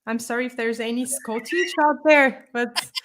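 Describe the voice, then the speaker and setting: Brief: woman from Portugal, native Portuguese speaker, language-teacher guest, high bright pitch, playful coaching. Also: normal speed, a little hiss or hum. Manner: friendly, teasing, coaches pronunciation. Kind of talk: guest chat on a live show.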